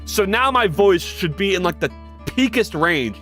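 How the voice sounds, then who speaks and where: A game developer chatting casually on a livestream, excitable and self-deprecating, who swears freely and greets viewers by name. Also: medium pitch, brisk, music in the background.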